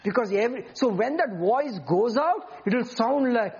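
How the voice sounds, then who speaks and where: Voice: mid-range voice, animated, moderate pace, a little mellow, muffled recording. A preacher delivering an emphatic sermon and often asking the congregation questions.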